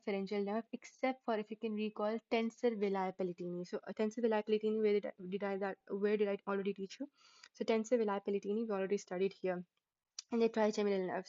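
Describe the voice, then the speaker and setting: Mellow-voiced woman teaching anatomy. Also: medium pitch, no room sound, highs cut off. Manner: explanatory, asks quiz questions, frequent fillers and self-corrections. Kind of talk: lecture-style tutorial.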